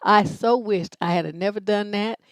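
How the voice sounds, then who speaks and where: This middle-aged woman, hosting a livestream relationship advice show, has a medium-pitched voice at normal speed in a dry recording. She tells her stories brashly and bluntly, swearing plenty along the way.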